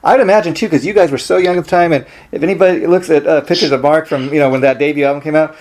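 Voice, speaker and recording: A man hosting a casual interview, eager, with many quick yeahs and wows. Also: a little high, steady tone, darkish tone. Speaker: interviewer, host.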